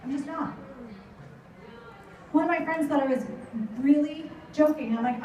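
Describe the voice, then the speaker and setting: A middle-aged woman with a high, mellow voice gives a motivational talk to a live audience. She tells lively stories and slips into her children's voices. She is heard from well off the mic in a very echoey hall. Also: a little slow, long pauses, distant mic. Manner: animated storytelling, acts out her kids' voices. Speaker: motivational speaker.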